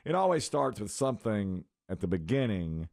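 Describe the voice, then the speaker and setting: Man, low voice, lively up-and-down delivery, dry studio sound, rambling storyteller. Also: moderate pace, vocal fry, no room sound. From North Carolina. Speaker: radio show host. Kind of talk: casual morning show chat. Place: radio studio.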